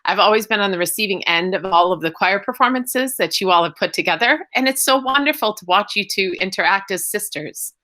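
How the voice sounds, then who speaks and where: A woman's voice: mid-range voice, animated, a little fast, hardly any pauses, pushed and bright. A woman hosting a video-call interview, effusive and emotional as she gushes. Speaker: wellness coordinator, host.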